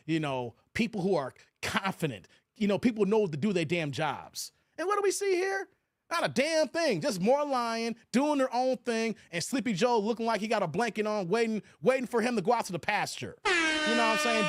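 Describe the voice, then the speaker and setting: A man's voice: high-pitched, no room sound, studio quality. A man hosting a live stream, talking casually, reading chat aloud and swearing freely. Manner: animated, swears, slangy. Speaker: live-stream commentary host. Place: New York area.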